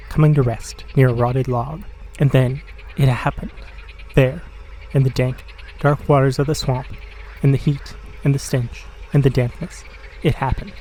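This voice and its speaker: A man narrates a horror comic with measured, dramatic pauses. His voice is mellow and dark, at an even middle pitch. Faint swamp ambience sits behind him. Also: a little hiss or hum, rough recording. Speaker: audio comic reader.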